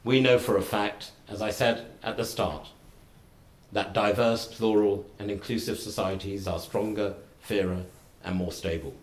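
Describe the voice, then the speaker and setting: A middle-aged man giving a formal lecture, speaking in measured, deliberate short phrases with wry humour. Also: lowish voice, fairly even intonation. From United Kingdom. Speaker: guest lecturer. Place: lecture hall. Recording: roomy lecture hall.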